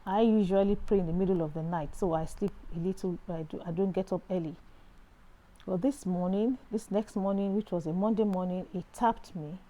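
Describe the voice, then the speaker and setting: Nigerian woman telling a testimony, mellow. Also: on the low side, fairly quick, rough recording. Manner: earnest storytelling, animated exclamations. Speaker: Christian speaker sharing testimony. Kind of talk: personal testimony talk.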